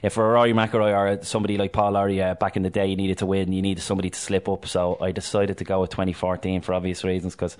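A man's voice: low voice, little pitch movement, darkish tone. A man hosting a radio sports show, chatty and jokey in casual talk. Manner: chatty, jokey, fast-talking.

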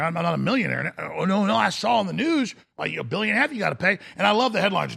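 A middle-aged man, hosting a talk show in a mocking, animated rant that breaks into shouts and mimicked voices. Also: sits high, vocal fry, husky. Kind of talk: ranting monologue.

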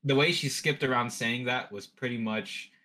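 A man's voice: medium pitch, moderate pace, bright, forceful tone. A man co-hosting a casual podcast, summarizing a story in detail. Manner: explains in summaries. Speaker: podcast co-host.

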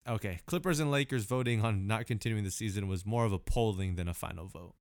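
A man co-hosting a podcast in casual, slangy chat, laid-back and quick to laugh. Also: fairly low pitch, no echo, clean studio sound. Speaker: podcast co-host.

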